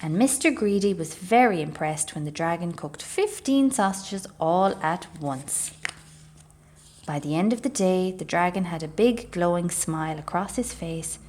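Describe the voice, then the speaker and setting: A woman reading a children's storybook aloud as a library storyteller, expressive and measured. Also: fairly low pitch.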